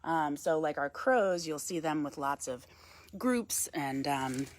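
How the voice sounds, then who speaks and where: Woman, wildlife educator, live outdoor talk, lowish voice, very lively intonation, phone mic. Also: slow pace. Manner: explains calmly to viewers, coos softly to the bird between. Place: outdoors on a woodland path. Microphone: handheld phone.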